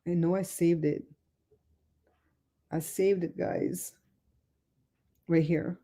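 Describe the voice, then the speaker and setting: Middle-aged woman chatting on her livestream, lots of stories, low mellow voice. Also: slow pace. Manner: chatty, animated storyteller reading chat. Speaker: livestream host. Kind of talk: casual livestream chat.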